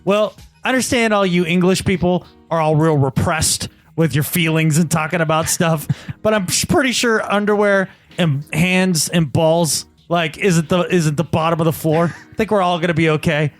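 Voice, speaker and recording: A man's voice: on the high side, normal speed, soft background music. A man co-hosting a casual podcast, ranting in a joking, exasperated way. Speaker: podcast co-host. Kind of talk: casual chat.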